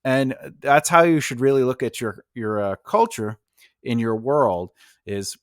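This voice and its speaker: A man's voice: mid-range voice, animated, a little slow, no room sound, studio quality. Rambling New York man teaching writing. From Long Island and Brooklyn, New York. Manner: rambling, filler-heavy, conversational. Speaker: writing coach host. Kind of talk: casual teaching monologue.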